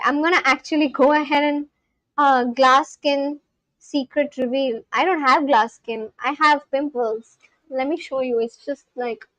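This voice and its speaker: A woman's voice: sits high, fairly bright tone, no echo, low-quality recording. A woman from India, chatting casually on a live stream, reading viewer messages aloud and answering them. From Kolkata, India. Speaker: livestreamer.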